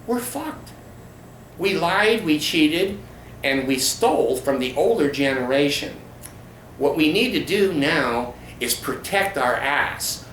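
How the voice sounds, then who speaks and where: A man's voice: a little high, animated, slow, a bit bright, reverberant, a little hiss or hum, poor audio. A man putting on the voice of a panicked male church leader bluntly confessing wrongdoing. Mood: mock panic. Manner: blunt, profane, mock-panicked.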